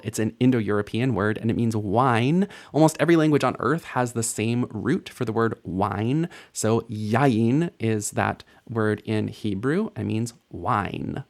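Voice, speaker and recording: With a lowish voice, a patient man teaches Hebrew sounds in a recorded language lesson. He's playful, spelling out each sound slowly and repeating words.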